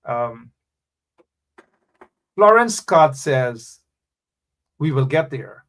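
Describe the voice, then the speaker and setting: Extremely slow in delivery, this man with a mid-range voice hosts a live political talk radio show. He reads out comments from viewers, calls out names, and exhorts listeners in an animated, preachy way, repeating phrases for emphasis.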